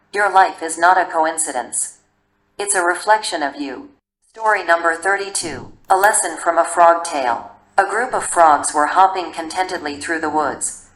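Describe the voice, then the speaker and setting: Low-voiced woman narrating stories. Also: a bit bright. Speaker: story narrator. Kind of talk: storybook narration for learners. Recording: echoey room.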